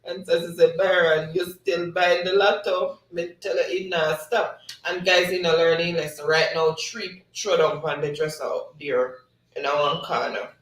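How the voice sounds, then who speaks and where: A man's voice: on the high side, fairly even intonation, normal speed, a bit bright, echoey room, distant mic, poor audio. Man reading live chat. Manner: laughs often while reading chat. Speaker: livestream host.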